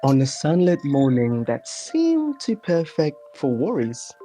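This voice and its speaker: A woman reading a children's bedtime story aloud in turns, relaxed and quick to laugh, with soft music behind her. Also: low voice. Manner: laughs easily, relaxed and playful. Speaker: storybook reader.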